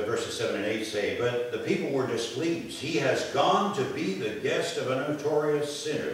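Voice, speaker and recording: A man preaching a sermon in an animated way, swinging from loud calls to soft, low lines. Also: a little hiss or hum. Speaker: pastor. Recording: echoey room, mic far off.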